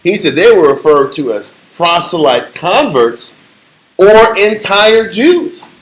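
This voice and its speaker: A man casually teaching a Bible study, talking in an animated, slangy way with a lot of laughter. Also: high-pitched, takes it slowly, low-quality recording.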